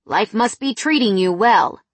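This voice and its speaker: A woman voicing a pushy, smooth-talking male ex-boyfriend in an audiobook, who speaks insistently and persuasively. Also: high voice, lively intonation, a little slow, heavily acted.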